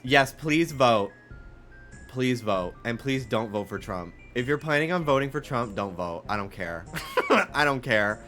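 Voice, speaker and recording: With faint music behind him, a young man streams and talks casually to his live chat at a moderate pace. His lowish voice carries a faint New York accent, and his rambling, animated delivery is packed with fillers.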